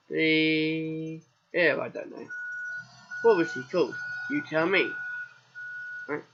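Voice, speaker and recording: A British man hosts a let's play of a farming game, his voice scratchy and husky from a sore throat. He rambles from one aside to the next, often asking a question and then answering it himself. The recording sounds dull and lo-fi. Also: fairly high pitch, fairly bright tone. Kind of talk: casual game commentary.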